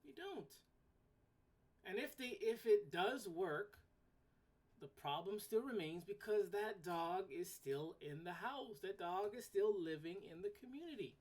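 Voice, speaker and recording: In a mid-range, slightly mellow and expressive voice, a woman unhurriedly rants on her solo podcast. She's blunt and swears casually. Worked up, she repeats words and keeps restarting her sentences.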